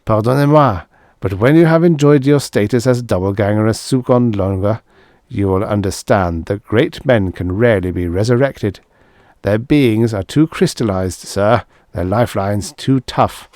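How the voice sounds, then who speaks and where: This is a man playing a suave, gliding gentleman in an audiobook, formal and unfailingly polite. His voice sits low and the sound is dry and close. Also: moderate pace, dry recording, natural voice. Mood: courteous. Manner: smooth, courteous and formal. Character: suave, polite male host of a rest station, French-speaking.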